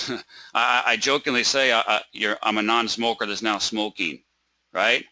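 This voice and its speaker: Bright-voiced man teaching a webinar. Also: lowish voice, steady tone, normal speed, dry recording. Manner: rhetorical questions, frequent "right?" and "okay?" check-ins; dramatizes trader stress with repeated words. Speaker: trading webinar instructor. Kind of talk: live webinar lesson.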